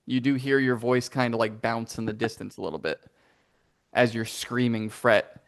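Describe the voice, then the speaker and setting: A man narrating as game master of a tabletop game, playful and animated, with sound effects. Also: mid-range voice, moderate pace.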